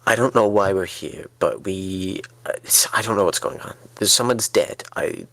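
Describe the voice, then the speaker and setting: Stammering, flustered man with a gravelly voice. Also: low voice, normal speed, a bit bright, no room sound. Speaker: player. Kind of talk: in-character tabletop role-play.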